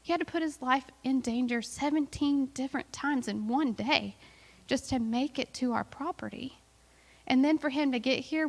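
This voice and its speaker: A woman's voice: a little high, long reverb tail. A woman missionary giving an earnest, emotional testimony to a church, talking in a chatty way with fillers. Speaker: missionary guest speaker.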